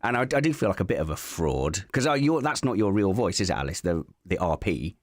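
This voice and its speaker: Lively English man from North Essex. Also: on the low side, fast talker, no echo, clean studio sound. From England. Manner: jokey, animated, breaks into mock accents. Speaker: podcast host. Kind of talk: casual chat. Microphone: video call.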